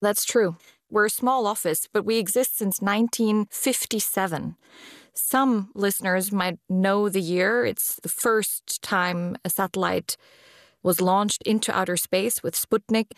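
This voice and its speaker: A woman speaking as a space law official in an interview, explaining in a deliberate way with pauses between phrases. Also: mid-range voice, fairly even intonation, no echo, studio quality. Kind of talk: measured explanatory interview talk. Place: based in Vienna.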